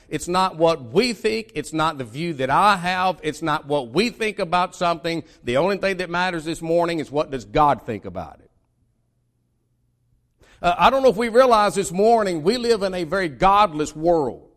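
A man from the United States preaching a sermon, emphatic, with many repeated starts and dramatic swings in delivery. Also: a little high.

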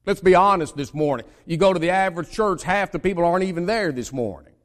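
A man's voice: sits high, quick pace. A man from the United States preaching a sermon, emphatic, with many repeated starts and dramatic swings in delivery.

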